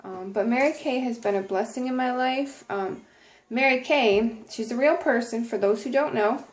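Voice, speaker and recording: A woman's voice: fairly high pitch, moderate pace. A woman talking earnestly to camera in a casual inspirational vlog, with many ums and restarted sentences. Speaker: vlogger.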